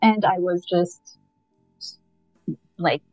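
A woman from Canada, a podcast guest telling a lively story with frequent laughter and acted-out dialogue. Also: on the low side, extremely slow, dry recording. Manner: animated, laughs often, acts out dialogue. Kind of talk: casual anecdote telling. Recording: muffled lo-fi, faint music.

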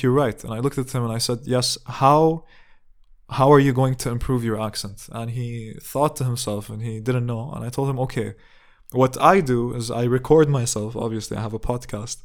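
A young man in the middle of his voice range, recounting a personal story on his podcast. He talks earnestly and reflectively, often restarting his sentences and leaning on "you know" as he goes. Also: medium pitch. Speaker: podcast host. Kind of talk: casual storytelling monologue.

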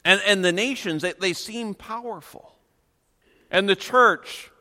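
A man preaches a sermon with earnest, emphatic delivery, drawing out the words he wants to land. His voice sits a little high and sounds bright and forceful. Long reverb from a church hall trails behind him. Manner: earnest, emphatic preaching with slow stressed phrases. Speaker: pastor.

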